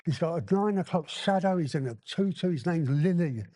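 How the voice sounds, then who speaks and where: A man with a fairly high voice tells his recovery story with blunt candor, slipping into the voices of the people in it. The sound is close and dry, with little room around it. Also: expressive, moderate pace, dark tone, dry recording. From Hong Kong. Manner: blunt, candid storytelling with acted-out dialogue. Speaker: recovery meeting speaker. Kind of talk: personal recovery share at a convention. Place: convention hall.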